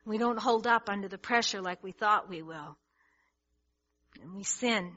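A woman delivers a sermon in a bright, forceful voice, earnest and emphatic, often repeating words as she builds. The recording is slightly dull and lo-fi. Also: medium pitch, a little slow. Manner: earnest, emphatic, with many restarts and rising intensity. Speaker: preacher. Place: church hall with congregation.

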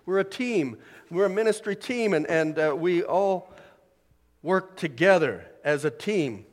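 A man's voice: high-pitched, animated, a little slow, long reverb tail. A man preaching a sermon as pastor, building to emphatic peaks. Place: church sanctuary.

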